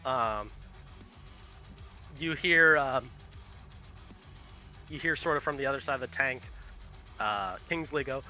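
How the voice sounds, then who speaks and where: Bright-voiced male game master. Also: mid-range voice, slow, pauses often, faint music behind. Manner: casual, swearing, laughing often. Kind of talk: narrating a tabletop game.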